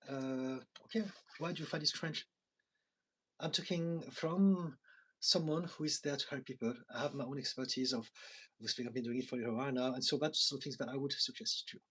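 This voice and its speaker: A man in his forties speaks as a therapist in a live viewer chat. His voice is husky and slightly breathy, sitting at an ordinary middle pitch. He talks in an earnest, confessional, reflective way. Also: fairly even intonation, a little fast, bright, forceful tone, rough recording. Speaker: therapist and coach.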